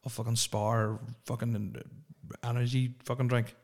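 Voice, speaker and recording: Flat-voiced, ranting man. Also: mid-range voice, a little slow. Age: 30s. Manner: profane, opinionated rambling. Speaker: podcast host. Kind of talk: solo podcast rant.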